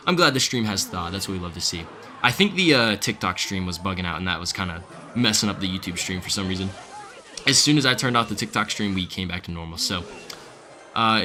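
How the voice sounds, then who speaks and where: Bright-voiced young man streaming a game. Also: lowish voice. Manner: casual, excitable, chats with viewers. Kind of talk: live gameplay commentary. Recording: faint music behind.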